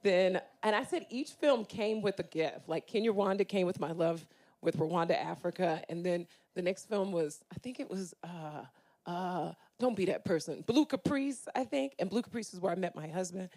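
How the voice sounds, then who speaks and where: A woman's voice: fairly low pitch, normal speed, darkish tone. A woman on a panel chatting casually, telling stories in a playful, self-deprecating way. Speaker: actress on a panel.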